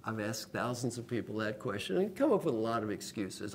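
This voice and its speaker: A man's voice: on the low side, brisk, a little hiss or hum. An older man, an executive coach, speaking in a lecture-style video blog and telling stories with acted-out quoted voices. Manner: animated storyteller who acts out quoted voices.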